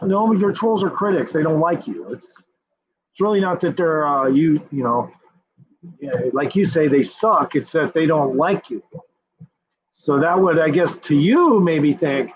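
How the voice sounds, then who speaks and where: A high-pitched, husky male voice ranting in a combative, foul-mouthed streamer commentary. He repeats his points again and again. The recording sounds dull and lo-fi. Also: animated, normal speed. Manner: profane, combative, repetitive.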